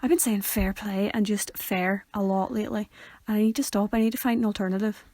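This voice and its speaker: A woman's voice: mid-range voice, steady tone, fairly quick, mellow, no echo. A young woman, co-hosting a podcast in playful casual chat. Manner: playful, quotes lines in funny voices. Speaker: podcast co-host.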